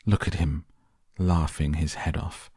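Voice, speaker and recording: A man's voice: a bass voice, steady tone, measured pace, warm tone, breathy edge, no room sound, studio quality, heavily acted. A man putting on a shrieking furious mother. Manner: shrieking, indignant. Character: shrill, furious plump mother, middle-aged woman.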